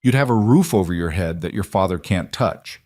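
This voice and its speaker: A man voicing a lone cowboy who talks calmly and bluntly in a level, matter-of-fact way. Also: deep voice, normal speed, dry recording, clean studio sound.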